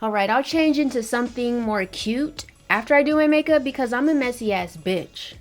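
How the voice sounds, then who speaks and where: Sassy, chatty woman vlogger with a higher voice. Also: lively intonation, moderate pace, music in the background. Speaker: beauty vlogger. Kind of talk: casual beauty vlog.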